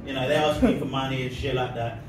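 A man's voice: mid-range voice, steady tone, fast talker. A man doing a rambling, laugh-filled stand-up set and comedy vlog. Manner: rambling, laughing between lines. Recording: echoey, distant mic, noisy background.

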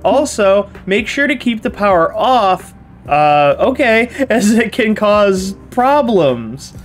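A young man giving excitable, playful let's-play commentary, talking straight to his viewers as he plays. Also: high-pitched, slow, faint music behind. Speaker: gaming YouTuber.

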